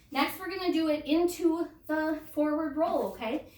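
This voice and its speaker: A woman's voice: high-pitched, moderate pace, hardly any pauses, a little mellow. A young woman coaching a beginner kids' gymnastics class, talking patiently and checking in with "okay?" after each step. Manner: patient, ends phrases with "okay?". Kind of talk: instructional demonstration for kids. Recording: echoey gym from far off.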